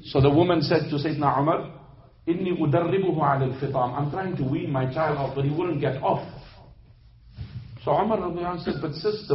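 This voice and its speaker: A male preacher telling stories in a sermon, animated, switching between loud emphasis and hushed narration. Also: on the high side, quick pace, lo-fi sound, a little hiss or hum. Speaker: Islamic preacher. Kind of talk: sermon storytelling.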